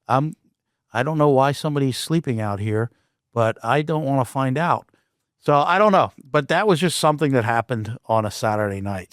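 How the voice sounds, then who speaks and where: A man of middle pitch tells a personal story in a lively, casual way. He breaks off and restarts his sentences often and throws in asides. The recording is dry and close, with no room sound. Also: no echo. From Canada. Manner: animated, with frequent restarts and asides. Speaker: podcast host.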